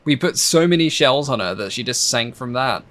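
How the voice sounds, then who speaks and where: A young man giving chatty, excitable commentary while playing a naval strategy game, with wry asides. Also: medium pitch, moderate pace. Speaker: gaming YouTuber.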